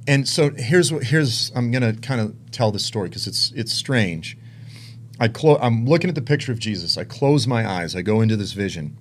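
Guy preaching his testimony, super animated pitch, goes quiet then gets intense. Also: normal speed. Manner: emotional storytelling, swings from hushed to intense. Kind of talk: sermon testimony.

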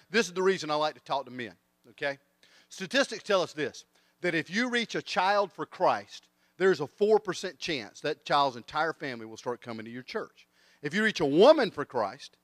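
Lively, bright-voiced preacher. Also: male voice, high-pitched, no echo, clean studio sound. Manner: animated storyteller, acts out voices. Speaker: guest preacher. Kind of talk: sermon with comic storytelling. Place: church.

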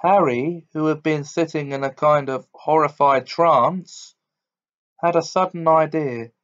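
A man reading a novel aloud as a steady audiobook narrator. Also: on the high side, measured pace, dull audio. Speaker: audiobook reader.

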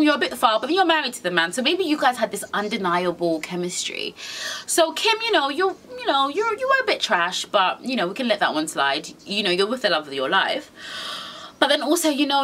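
Animated sassy young British woman vlogger. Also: medium pitch, a little hiss or hum. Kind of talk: casual rant to camera.

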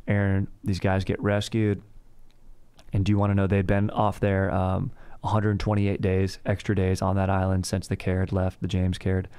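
A man's voice: deep voice, dark tone, clean tone. A man casually retelling a history story in bro slang, rambling and laid-back with lots of fillers. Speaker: podcast host.

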